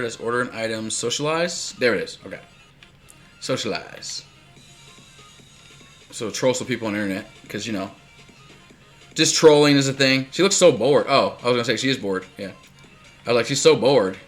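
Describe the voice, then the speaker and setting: A man's voice: mid-range voice, animated, moderate pace, pauses often, soft background music. A man casually commenting on a life-sim game while streaming, chatty and rambling, laughing often and answering viewers.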